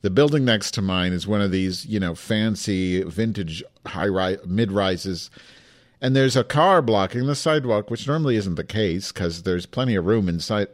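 Animated man telling a story. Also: fairly low pitch, normal speed. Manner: animated, breaks into loud shouting when acting out quotes. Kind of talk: casual chat, telling a story.

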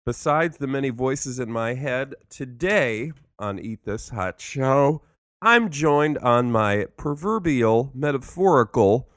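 A man hosts a campy chat show with mock-grand flourishes and teasing asides. His voice swoops up and down lively. The recording is dry and close. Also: medium pitch, slow, no echo. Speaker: host.

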